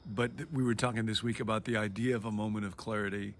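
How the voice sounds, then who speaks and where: A man in his sixties hosts an intimate conversation, prompting and reflecting. His voice is low yet bright and forward. Faint background noise runs beneath. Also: fairly even intonation, fast. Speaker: host. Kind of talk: conversational interview.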